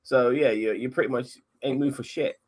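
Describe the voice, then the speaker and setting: A man's voice: mid-range voice, fairly even intonation, normal speed, a little mellow. A man from England with a London accent, chatting casually and swearing a lot, with stammering restarts. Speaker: cab driver. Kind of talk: casual chat.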